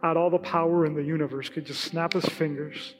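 A Spanish-speaking pastor of Hispanic heritage delivers a sermon in a live church hall, where reverb and faint music fill the space. His high male voice moves briskly as he preaches in a casual, animated way, acting out quotes.

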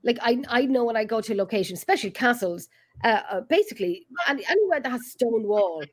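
A woman's voice: on the high side, lively intonation, fast talker. An Irish woman hosting a casual live-stream round table, chatting and reading out viewer comments. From Ireland. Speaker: host.

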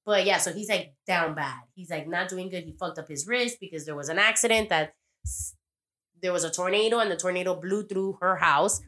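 A young woman in a loose, profane podcast chat. She rambles through a TV recap and slips in bits of quoted dialogue. Her voice sits a bit low. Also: brisk, pushed and bright. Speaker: podcast host.

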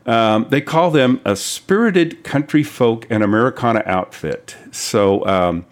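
A man co-hosting a music radio show, chatting casually and haltingly as he introduces a song. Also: medium pitch. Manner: halting, many fillers and restarts.

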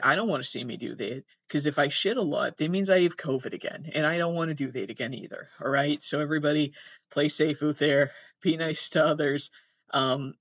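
A man's voice: fairly high pitch, a bit bright, no room sound, dull audio. Profane, rambling young man. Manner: rambling, profane, self-deprecating. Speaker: host. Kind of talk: casual comedic storytelling.

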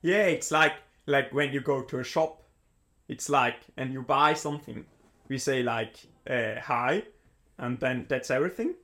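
Young man, from Switzerland, second-language English, halting phrasing, casual chat. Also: medium pitch, bright, forceful tone. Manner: halting, laughing, non-native phrasing. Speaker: podcast guest, triathlete.

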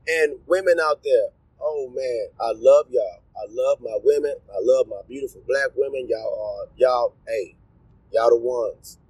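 A young man holds forth in a loose, rambling rant, crude and quick to sound disgusted. His voice sits a little high and has a husky edge. The sound is dry, with no room around it. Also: a little mellow, no echo, rough recording. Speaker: commentator. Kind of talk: casual opinion rant.

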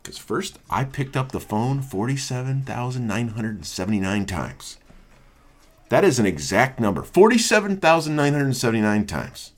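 A man's voice: medium pitch, sing-song, moderate pace. A man in his thirties, a salesperson, reading a humorous personal essay aloud in a wry, self-mocking way. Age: 30s. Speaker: salesperson and blogger.

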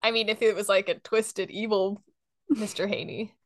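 A woman's voice: mid-range voice, steady tone, no echo, studio quality. Giggly young woman podcast host. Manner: giggly, chatty, quick laughs. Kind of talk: casual podcast chat.

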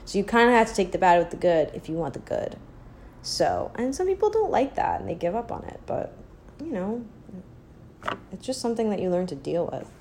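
A young woman talking straight to her listeners in a loose, rambling monologue, dry and sardonic. Her voice sits at an ordinary middle pitch, and "like" keeps cropping up as she circles her point. A faint hum of noise runs underneath. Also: very animated, a little fast, a little mellow. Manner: sardonic, rambling, heavy use of "like"; mocks others in a high baby voice. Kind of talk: casual opinion monologue.

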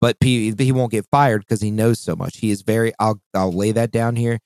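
A man's voice: on the low side, fairly even intonation, moderate pace, darkish tone, no echo. A man chatting casually on a podcast, telling a rambling, profane story as he vents about work. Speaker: podcast co-host.

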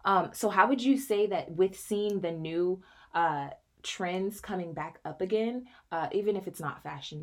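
Young woman host asking long questions. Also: fairly low pitch. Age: 20s. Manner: interviewer, asks long questions, frequent affirmations. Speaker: podcast host. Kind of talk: casual conversation.

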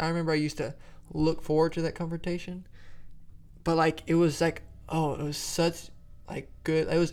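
Man, higher pitch, gravelly edge, animated podcast co-host, searches for words. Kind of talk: casual faith podcast chat.

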